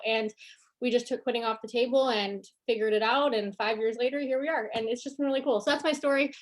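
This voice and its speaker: A woman from Canada on a video call, telling her story casually, with a lot of "like" fillers. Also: on the high side. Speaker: team leader guest.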